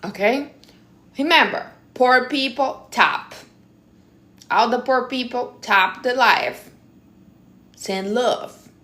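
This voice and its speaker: A woman's voice: fairly high pitch, slow, long pauses, a bit bright. A woman hosting a casual live stream, giving blunt, teasing advice in non-native English phrasing. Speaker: livestream host.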